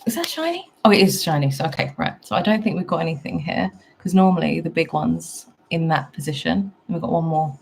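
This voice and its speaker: A British woman chats on her live stream with a low, easygoing voice. She talks loosely and keeps turning to greet her viewers. A faint room ambience sits behind her. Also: fairly even intonation, a little fast, creaky, few pauses, a little hiss or hum. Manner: chatty, self-deprecating, reads chat aloud. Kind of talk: casual live-stream chat.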